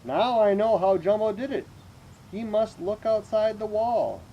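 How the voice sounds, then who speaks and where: A man's voice: high-pitched, animated, lo-fi sound, slight background noise, pitched above the performer's own voice. A man reading as a clever boastful detective. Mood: eager. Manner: eager, exclaiming, deliberate reasoning. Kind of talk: reading a children's picture book aloud.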